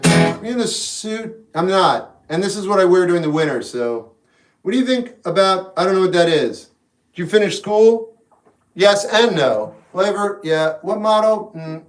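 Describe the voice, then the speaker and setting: A man hosting a livestream, answering chat questions in a relaxed, frank, musing way. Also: sits high, moderate pace. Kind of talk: casual live chat. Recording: echoey room, mic at a distance. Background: guitar music in the background.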